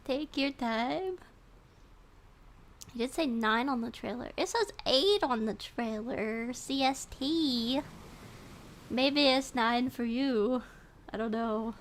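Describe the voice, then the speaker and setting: A woman's voice: fairly high pitch, slight background noise. A young woman streamer chatting casually with her viewers, giggly and nervous, repeating her greetings. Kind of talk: casual livestream chat.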